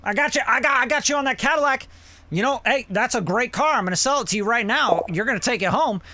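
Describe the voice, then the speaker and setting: A man putting on a slick, pushy used car salesman, talking fast and loud. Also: extremely high pitch, lively intonation, pitched above the performer's own voice, heavily acted.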